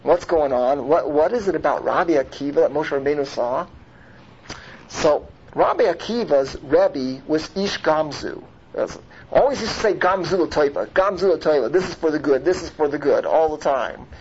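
A man with a somewhat high voice teaches a Torah class, weaving Hebrew words into his English. He leans on rhetorical questions and keeps checking in with his listeners. The recording sounds muffled and lo-fi, with a faint noise underneath. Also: animated, moderate pace, darkish tone. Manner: rhetorical, checks in with "right?" and "okay?"; mixes Hebrew terms into English.

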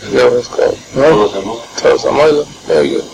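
A man giving an informal Torah class, animated, firing off rhetorical questions and often chuckling. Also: mid-range voice, fast talker, creaky. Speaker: Torah teacher. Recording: noisy background.

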